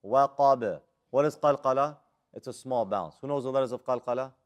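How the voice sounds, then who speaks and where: A man's voice: medium pitch, fast, clean tone. A man with an American accent teaching Quran recitation rules, drilling students with questions and recited Arabic letters. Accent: American English. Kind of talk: live classroom lesson.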